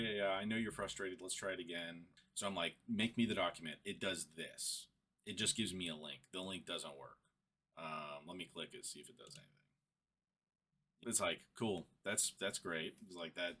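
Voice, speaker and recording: A man's voice: deep voice, bright, forceful tone, slight background noise. A young man recounting a frustrating chat in a casual rant, exasperated and building to laughing frustration. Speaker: vlogger. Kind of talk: casual screen-recorded rant.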